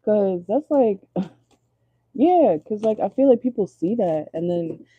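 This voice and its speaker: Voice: medium pitch, lively intonation, slow pace, husky, no echo, phone-quality sound. A chatty tarot reader giving a casual, blunt reading from inside a car, swearing freely and laughing often.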